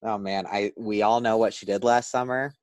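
A man co-hosting a podcast in casual chat, delivering things enthusiastically with quick asides. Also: fairly low pitch, fairly even intonation. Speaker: podcast co-host.

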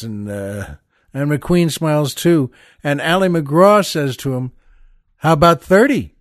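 An older man spins a story at an unhurried, drawn-out pace. He wanders and restarts, fills gaps with "uh," and calls his listeners "folks." His voice sits a little higher than most men's, and the recording is dry and close. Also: no room sound. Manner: rambling, with many "uh"s and restarts, addressing listeners as "folks". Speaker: podcast host. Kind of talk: casual storytelling monologue.

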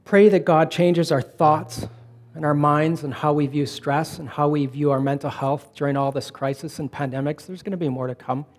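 A middle-aged man preaching a conversational sermon, telling personal stories in a relaxed way and slowing down to stress points. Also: a little high. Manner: relaxed storytelling, slowing for emphasis. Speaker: pastor.

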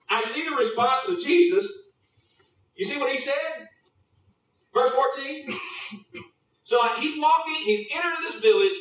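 Preacher guy with a high voice, chatty sermon, lots of questions to the crowd, echoey church sound. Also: pushed and bright, recorded from a distance. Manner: conversational, asks the congregation questions.

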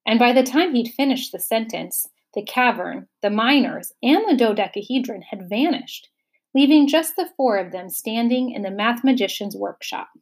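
A woman reading a children's novel aloud with lively expression. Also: fairly high pitch, normal speed, breathy edge. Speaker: audiobook narrator. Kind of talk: storybook reading.

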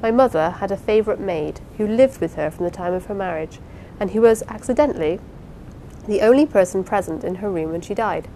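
A woman reading the part of a lively, affectionate young wife in an audiobook, eager and playful. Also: mid-range voice, brisk, slight background noise, natural voice, low-quality recording. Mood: earnest.

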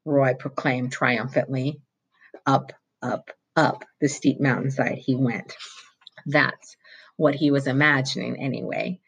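A reader reading a novel chapter aloud at a steady pace, with small slips and restarts. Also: medium pitch, measured pace, vocal fry, husky, poor audio. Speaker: audiobook reader.

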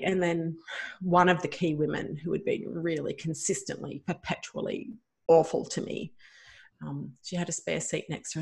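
Gravelly woman telling her story. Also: on the low side. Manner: emotional, animated, many "like" fillers. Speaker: guest. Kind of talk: personal storytelling.

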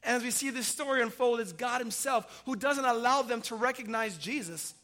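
A pastor preaching a sermon, retelling a scripture story vividly and swinging from loud emphasis to hushed, quiet lines. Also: male voice, very high-pitched, fairly quick.

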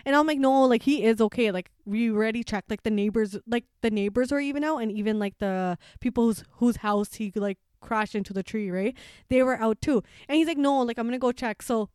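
A woman in her twenties chatting casually, telling animated stories and acting out what her family said. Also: a little high, a little fast, smooth, no echo, clean studio sound. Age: 20s. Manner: animated storyteller, acts out family quotes, laughs often. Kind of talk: casual chat.

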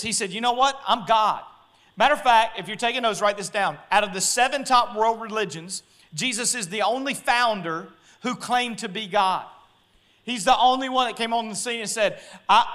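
A middle-aged man preaching a sermon, animated and jokey, often acting out voices. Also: high-pitched. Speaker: pastor.

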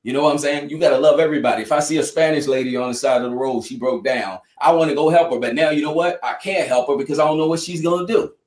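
A man talks quickly with hardly any pauses, his mid-range voice darkish in tone. Interviewed in an echoey room, he gives earnest, preacher-like testimony, heartfelt and thick with "you know" fillers.

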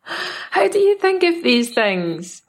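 A woman's voice: extremely high pitch, big pitch swings, slow, background noise. A woman with a Scottish accent co-hosting a podcast in casual chat, teasing and skeptical. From Scotland. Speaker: podcast co-host.

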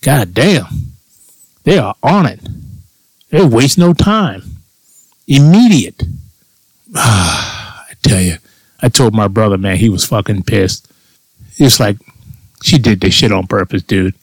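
A man's voice: fairly low pitch, animated, slow, pauses often, breathy edge, no room sound, rough recording. A man telling a long personal story on his own show in a crude, sarcastic rant, swearing often. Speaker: podcast host. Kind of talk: casual profane monologue.

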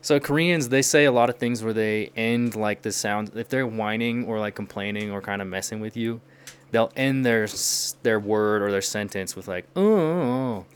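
A man's voice: lowish voice, fairly even intonation, moderate pace, clean tone. A young man from the United States chatting casually and telling stories, laughing often as he talks. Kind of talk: casual chat.

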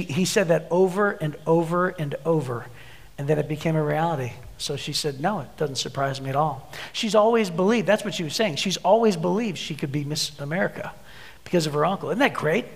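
A man's voice: high voice, creaky. A man preaching a sermon as a pastor, telling stories and acting out the voices in his anecdotes. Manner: storytelling, acts out voices in anecdotes. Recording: long hall reverb.

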